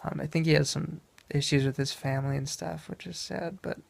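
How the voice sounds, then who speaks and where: A young man from Wisconsin tells a travel story in a casual, rambling way. His voice stays flat, with a gravelly, creaky edge, recorded close and dry. He often breaks off mid-sentence to correct himself. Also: on the high side, fairly quick, no room sound. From Wisconsin, USA. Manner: meandering, self-correcting anecdote telling. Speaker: vlogger.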